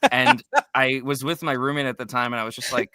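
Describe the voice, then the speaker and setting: A man co-hosting a casual chat, with a bright, forceful voice that sits at a middling pitch. He is from New Jersey and tells rambling, anecdotal stories. The sound is dry and close. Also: big pitch swings, a little fast, clean tone, dry recording. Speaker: co-host.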